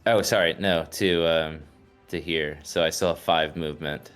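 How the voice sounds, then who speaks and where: A man's voice: rumbling low, fairly even intonation, normal speed, fairly bright tone, clear, resonant tone, soft background music. A man playing in a tabletop game, speaking hesitantly with many fillers as he counts out his movement. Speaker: player.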